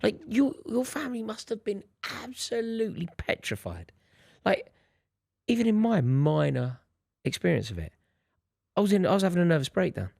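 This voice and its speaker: Gravelly man with a lively voice. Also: sits high, moderate pace, no room sound, clean studio sound. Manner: frequent agreeing backchannels. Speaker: podcast co-host. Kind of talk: casual conversational chat.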